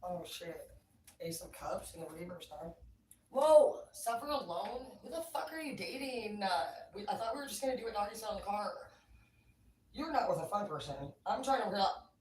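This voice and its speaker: A woman's voice: mid-range voice, animated, fairly quick. A woman livestreaming casual chat, rambling and cursing freely with lots of filler words. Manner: rambling, profane, filler-heavy talk. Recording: echoey room, far from mic, faint noise.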